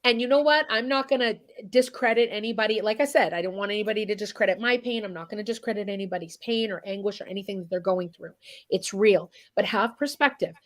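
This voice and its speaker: Speaking quickly in a mid-range voice, a woman appears as an interview guest, a chef and singer who speaks her mind bluntly and emphatically. She swears freely throughout this candid talk.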